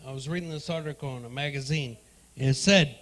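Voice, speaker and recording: A man doing profane stand-up comedy in a club, riffing loudly with the crowd. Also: medium pitch, quick pace. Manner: loud, profane, riffing with the audience. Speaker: stand-up comedian hosting the night.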